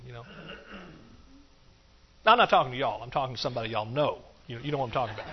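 A man preaching a sermon, repeating phrases in a rhythmic build and dropping in hallelujahs. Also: medium pitch. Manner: rhythmic, repetitive, punctuated with hallelujahs. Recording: dull, muffled recording.

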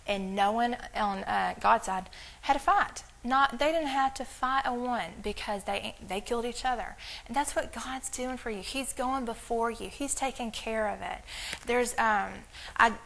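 A woman giving an informal sermon, animated and rambling, retelling stories with quick asides. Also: mid-range voice, creaky, rough recording. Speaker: church speaker.

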